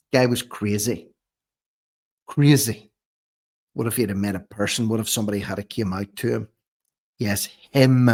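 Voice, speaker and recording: A man's voice: on the low side, husky. A man hosting an opinionated commentary vlog, reading news reports aloud and then firing off indignant rhetorical questions. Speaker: host of a commentary channel.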